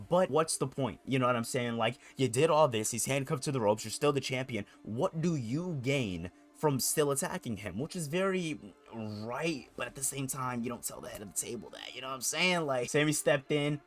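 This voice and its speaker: A man talks through a wrestling event in a loose, rambling way, dropping curse words and filler phrases as he goes. His voice sits at an ordinary middle pitch. Faint music plays under him. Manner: rambling, profane, repeats "you know what I'm saying". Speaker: wrestling vlogger. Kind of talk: casual recap chat.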